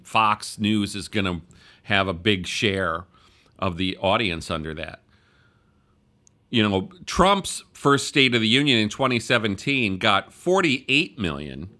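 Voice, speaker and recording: A man hosting an opinion podcast, sarcastic and loud by his own account. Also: lowish voice. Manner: sarcastic, self-described loudmouth. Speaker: podcast host.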